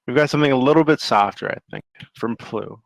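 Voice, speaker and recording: A man's voice: mid-range voice, fast, creaky, dry recording, rough recording. A man moderating a live call-in, jokingly moving things along between callers. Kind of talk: casual live chat.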